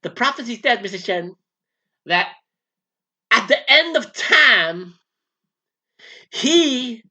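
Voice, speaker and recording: A man's voice: high voice, pushed and bright, exaggerated voice. A man voicing a brash, flamboyant, foul-mouthed male showman spirit in a comic channeling sketch, talking in a camp, boastful way.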